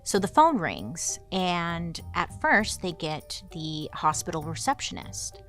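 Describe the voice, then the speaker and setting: A woman's voice: on the low side, big pitch swings, slow, a bit bright, faint music behind. A woman podcast host telling a true crime story in a chatty, casual way full of "like" fillers.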